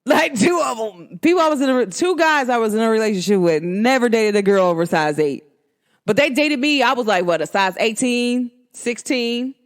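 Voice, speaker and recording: A young woman with a New Jersey–New York accent hosting a solo podcast, talking in an animated, emphatic and slangy way. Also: a little high, normal speed. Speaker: podcast host. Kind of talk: casual solo podcast monologue.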